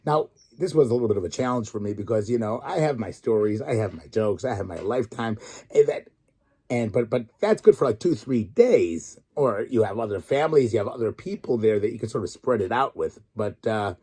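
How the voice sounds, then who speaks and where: A middle-aged rabbi tells a story in a weekly Torah talk, his voice rising and falling with lively energy. The tone is mellow and warm, with a slightly husky grain, and he acts out the other people in his stories as he goes. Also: fairly low pitch, fairly quick. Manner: animated storyteller, acts out quotes. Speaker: rabbi and tour guide. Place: Israel.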